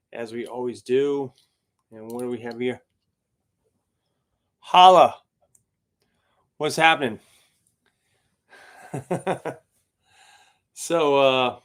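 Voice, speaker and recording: Male host, gigging guitarist, loose rambling chat, mid-pitched voice, many fillers. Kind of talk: casual chat to a live stream audience.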